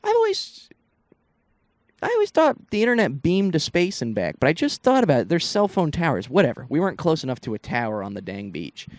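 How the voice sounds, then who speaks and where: Animated young man telling stories. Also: fairly high pitch, fairly quick, no room sound. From Northeast Ohio. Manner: animated rambling storytelling, lots of swearing and asides. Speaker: comedian and podcast host. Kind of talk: casual solo podcast storytelling.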